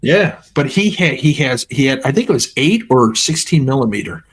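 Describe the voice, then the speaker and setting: Casting: husky-voiced man, casual storyteller, mid pitch, rambling delivery. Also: big pitch swings, normal speed. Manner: rambling anecdotes with laughs and acted-out quotes. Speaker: streamer.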